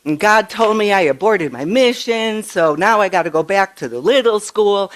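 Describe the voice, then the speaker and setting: A woman's voice: mid-range voice, lively intonation, normal speed, natural voice. A woman voicing her precocious three-year-old granddaughter, who insists and patiently explains things as if they were obvious. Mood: explaining. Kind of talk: acted quote in a sermon story.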